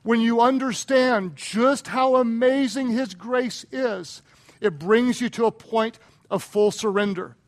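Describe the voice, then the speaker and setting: High-voiced impassioned preacher man. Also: slow. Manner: impassioned, swings from hushed and intimate to loud and emphatic; repeats phrases for rhetorical punch. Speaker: pastor. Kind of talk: sermon.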